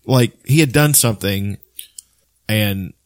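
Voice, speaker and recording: A man co-hosting a podcast in casual chat, animated and swearing a lot. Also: on the low side, takes it slowly, no room sound, studio quality. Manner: animated, profane, rambling. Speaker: podcast co-host.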